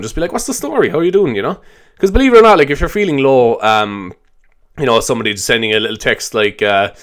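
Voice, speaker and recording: Young Irish guy, solo comedy podcast host, loose and sweary, smooth resonant voice. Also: on the low side, fairly bright tone. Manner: rambling, swearing, self-mocking.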